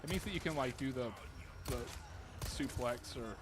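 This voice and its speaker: A man comments casually while he plays, mostly in short reactions and gripes about the game. His pitch sits in the middle range. Steady noise is heard through the recording. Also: moderate pace. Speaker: player in a gameplay podcast.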